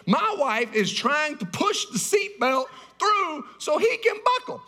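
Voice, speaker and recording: A man preaching a sermon as a pastor, telling a story loudly and animatedly, acting out the scenes. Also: extremely high pitch, big pitch swings, measured pace.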